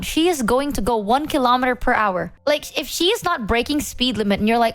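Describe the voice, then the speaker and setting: High-voiced woman ranting animatedly. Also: expressive, a little fast, few pauses, dry recording. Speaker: streamer. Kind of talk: casual chat.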